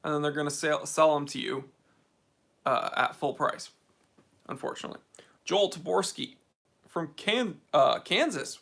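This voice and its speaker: Bright laid-back American guy. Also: a little high, moderate pace, creaky, pauses often. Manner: laid-back, reads viewer comments aloud. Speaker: host of a watch channel livestream Q&A. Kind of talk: casual livestream chat. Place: game room at home.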